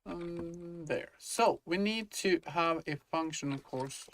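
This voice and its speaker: A man's voice: a little high, slow pace, a bit bright, slight background noise. Rambling man thinking aloud. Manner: rambling, many fillers and restarts; thinks aloud while working. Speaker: indie game developer. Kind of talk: casual dev-log chat.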